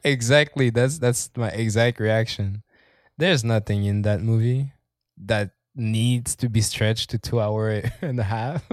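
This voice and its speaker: A man's voice: on the low side, measured pace, no echo, studio quality. A man chatting casually as a podcast co-host, rambling, swearing often and laughing as he talks. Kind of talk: casual chat.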